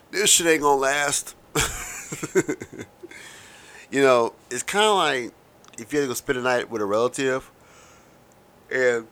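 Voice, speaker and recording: A man's voice: mid-range voice, fairly bright tone. A man in his thirties hosting a casual, rambling monologue, wry and profane with lots of asides. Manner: self-described fast talker. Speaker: podcast host.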